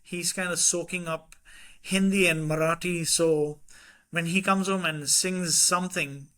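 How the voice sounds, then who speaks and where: A man's voice: a little high, unhurried. A middle-aged man from India with an Indian English accent, a podcast guest telling family stories in casual conversation, acting out quotes with laughter. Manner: animated anecdotes with quoted voices and laughter.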